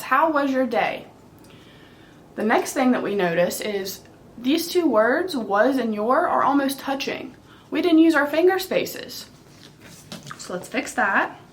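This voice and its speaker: A young woman teaching a writing lesson to small children, slow and patient as she explains each step. Her voice sits a little high. A faint hum of room noise runs underneath. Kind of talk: early-grade writing lesson.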